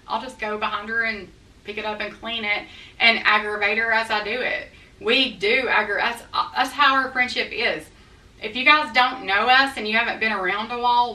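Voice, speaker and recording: A woman's voice: mid-range voice, bright, forceful tone. Woman, middle-aged, blunt folksy vlogger, roomy echo, a bit distant. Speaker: vlogger addressing viewer comments. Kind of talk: candid talk to camera. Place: her house, indoors.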